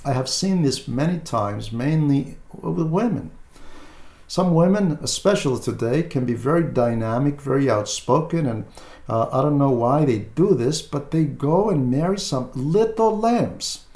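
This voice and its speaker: A man, an Orthodox clergyman, giving pastoral advice at a measured pace with frequent hesitant fillers. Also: medium pitch, expressive, a little mellow, roomy sound.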